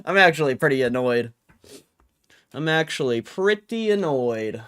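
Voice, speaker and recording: A man's voice: a little high, animated, measured pace, fairly bright tone, clear, resonant tone. A young man hosting a livestream, ranting in an annoyed, swearing way with frustrated laughs. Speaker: livestream host. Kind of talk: casual livestream rant.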